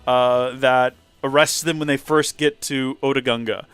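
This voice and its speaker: A man's voice: medium pitch, fairly even intonation, a little slow, a bit bright. A man casually commentating a game livestream, rambling animatedly and acting out quotes. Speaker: let's play streamer.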